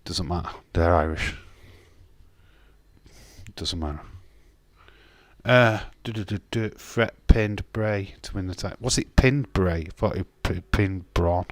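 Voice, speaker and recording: A man's voice: fairly low pitch, normal speed, few pauses, no room sound. A man, casually chatting on a live stream and bantering with chat comments, swearing now and then.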